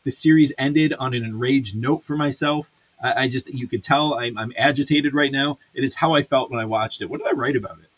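A man's voice: mid-range voice, brisk, hardly any pauses, a bit bright. A man hosting a casual review chat, swearing freely and ranting with many fillers and restarts. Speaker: podcast host reviewing a series.

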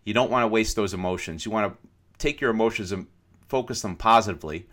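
A man's voice: lowish voice, fast talker, fairly bright tone. A man co-hosting a podcast, talking things through casually and often checking in with "right?". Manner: thoughtful, keeps asking "right?". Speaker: podcast co-host.

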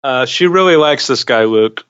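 A man co-hosting a podcast in casual chat, measured and wry, often restarting his sentences. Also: medium pitch, lively intonation, fairly bright tone, clean tone. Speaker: podcast co-host. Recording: dull lo-fi sound.

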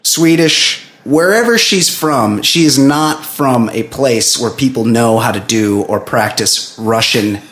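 A man's voice: mid-range voice, takes it slowly, few pauses. A man hosting a podcast, reviewing a movie in casual, joking banter and swearing freely. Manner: animated, joking, acts out quotes, swears. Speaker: podcast host. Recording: echoey room.

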